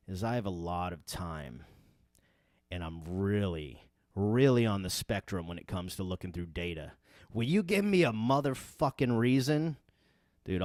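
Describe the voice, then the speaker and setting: A man hosting a livestream podcast, ranting in a heated, profane way that sounds like yelling. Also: fairly low pitch, no room sound, studio quality. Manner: profane, emphatic. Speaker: podcast host. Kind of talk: livestream rant.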